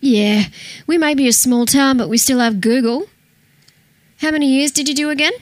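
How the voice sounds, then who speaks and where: A woman's voice: sits high, moderate pace, no echo, pitched above the performer's own voice, close to an everyday voice. A woman voicing a menacing small-town male police officer who mocks and threatens in an audiobook. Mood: mocking. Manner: mocking, taunting.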